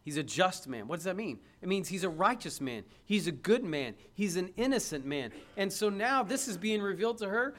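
A man's voice: high-pitched, very animated, normal speed, few pauses, a bit bright. A man preaching an emphatic sermon, reading scripture aloud and putting rhetorical questions to his listeners.

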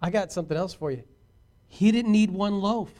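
A man preaching a sermon as pastor, swinging from shouted points to hushed asides and talking directly to his congregation. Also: high voice, moderate pace.

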